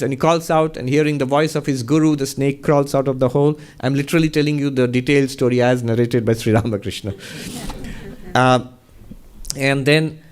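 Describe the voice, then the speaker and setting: A man's voice: mid-range voice, a little mellow. A man, a monk answering audience questions, gives a spiritual talk and tells stories animatedly, often laughing.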